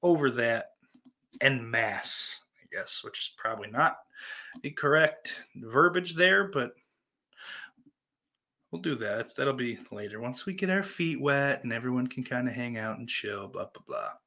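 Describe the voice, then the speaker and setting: A man hosting a podcast in casual live-stream chat, greeting viewers and rambling through profane, self-deprecating banter, with loud outbursts between muttered asides. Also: medium pitch, expressive, measured pace, vocal fry. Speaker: podcast host.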